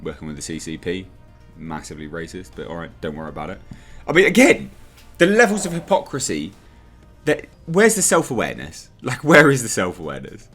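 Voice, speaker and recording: A man's voice: deep voice, huge pitch swings, fairly quick, fairly bright tone, soft background music. A man ranting in a commentary vlog, sarcastic and exasperated, slipping into mocking voices. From United Kingdom. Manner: sarcastic, exasperated, mocks others in put-on voices. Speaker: commentary vlogger.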